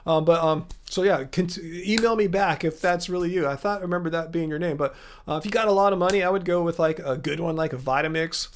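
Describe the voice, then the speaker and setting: A man's voice: fairly high pitch, fast talker, a little hiss or hum. A man hosting a live viewer Q&A, talking in an easygoing, rambling way with lots of fillers. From Los Angeles, USA. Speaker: livestream host. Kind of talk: casual live Q&A.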